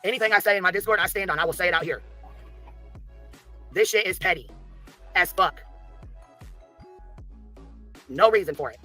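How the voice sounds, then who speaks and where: A man's voice: sits high, normal speed, pauses often, sharp tone, faint music behind. A man ranting angrily on a livestream clip, heated and confrontational, swearing constantly. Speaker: streamer ranting in a played clip. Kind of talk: angry livestream rant.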